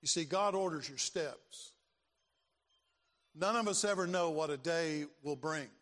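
A man's voice: on the high side, a little slow, fairly bright tone. An older man preaching a sermon as pastor, dramatic and given to repeating his phrases. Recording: long reverb of a large hall.

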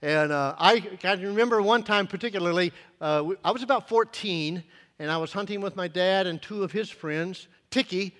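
A fifties-aged male preacher with a high-pitched voice, speaking in a folksy, earnest way. He hesitates and restarts often, and his voice carries a long hall reverb, as if in a large church. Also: normal speed, fairly bright tone. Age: 50s. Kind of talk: sermon with personal storytelling.

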